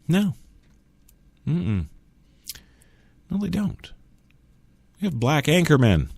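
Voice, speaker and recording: A man holds forth alone on his talk radio show, sarcastic and opinionated. His pitch leaps up and down with a lot of life. The sound is dry and close, right on a studio mic. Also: very animated, slow pace, gravelly, pauses often, darkish tone, slightly rough, no echo. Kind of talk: solo talk radio monologue.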